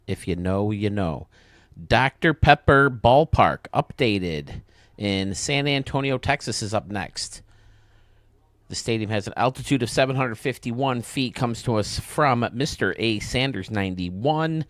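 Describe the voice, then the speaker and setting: A young man hosting video game commentary, enthusiastic and casual, heaping quick praise on what he shows. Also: on the low side, animated, a bit bright, no room sound, studio quality. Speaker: host.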